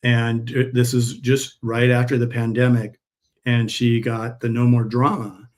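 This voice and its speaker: A man's voice: medium pitch, monotone, measured pace, darkish tone. A man hosting a live stream and chatting with viewers, telling long stories in a rambling way with frequent restarts. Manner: rambling storyteller, many restarts. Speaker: host, pet supplement seller.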